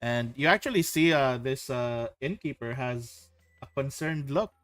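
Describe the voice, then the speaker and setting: A man narrating as game master of a tabletop game, halting and heavy on filler words. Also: medium pitch, fairly bright tone, dry recording, faint music behind.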